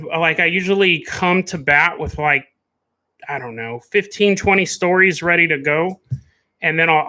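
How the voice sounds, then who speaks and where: Animated rambling man, bright high voice. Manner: rambling, animated, laughs often. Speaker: podcast host. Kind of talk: casual live-stream chat.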